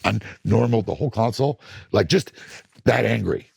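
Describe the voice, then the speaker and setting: A middle-aged record producer being interviewed, telling blunt studio stories and acting out moments from sessions. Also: male voice, on the low side, normal speed, gravelly, slightly rough, dry recording. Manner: animated, blunt storytelling that acts out studio moments.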